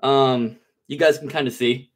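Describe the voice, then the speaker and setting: A man streams live at a measured pace, his medium-pitched voice holding a steady tone. He chats casually and laid-back with viewers, all bro and dude slang, and shifts to a nervous, coaxing manner while handling a big snake.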